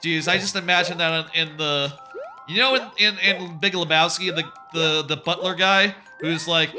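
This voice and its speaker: A young man chats casually while playing a game on stream. His voice sits a bit high, and his talk wanders as he swears offhandedly and repeats words whenever he restarts a thought. Game music plays clearly behind him. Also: normal speed.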